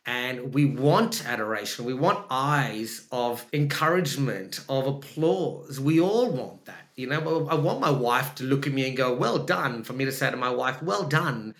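A man with an Australian accent, an actor telling his story in a candid interview, animated and emphatic, acting out his own thoughts. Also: medium pitch, normal speed, hardly any pauses. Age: adult with young children. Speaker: actor and podcast guest. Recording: roomy echo.

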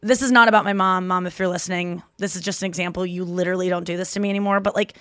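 A woman's voice: lowish voice, steady tone, very fast, fairly bright tone, clear, resonant tone, no room sound, studio quality. A woman in her thirties hosting a podcast, chatting casually and retelling stories with quoted voices. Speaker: podcast host and comedian.

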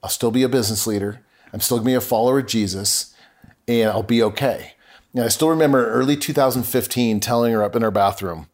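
A fast-talking middle-aged man with a medium-pitched voice is a guest on a podcast. Earnestly telling a story from his own life, he acts out conversations as he recalls them.

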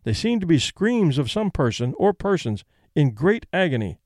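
A man narrating a classic short story aloud, reading witness testimony in a measured, deliberate way. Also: fairly high pitch, very animated, darkish tone, dry recording, studio quality.

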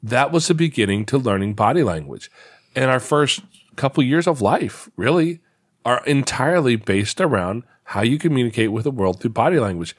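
A man's voice: medium pitch, expressive, normal speed, husky, no room sound, studio quality. A man in his thirties talking casually from his home office, reflective and full of restarts. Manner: reflective, storytelling, many restarts. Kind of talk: casual conversation.

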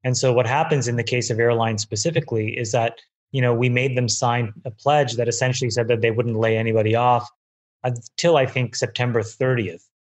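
Measured man with a mid-range voice. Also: medium pitch, fairly even intonation. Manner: measured, thinks aloud with hedges. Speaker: guest investor. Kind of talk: interview answers.

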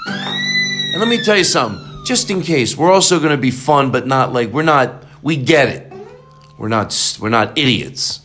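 Excitable rambling male podcast host. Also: moderate pace, faint music behind. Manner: excitable, rambling, jumps up in pitch. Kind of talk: excited casual chat.

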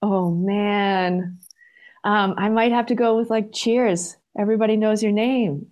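A woman with a Boston accent, talking as a podcast guest in a chatty, animated way full of fillers. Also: mid-range voice, a little slow. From Boston, USA. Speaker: guest, arena marketing director. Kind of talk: casual podcast chat.

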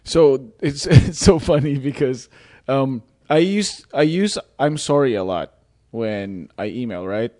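Filipino-accented man, halting and laughing. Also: medium pitch, animated, mellow, dry recording, studio quality. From Philippines. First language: not English. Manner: halting, laughs often, many restarts. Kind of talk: casual chat.

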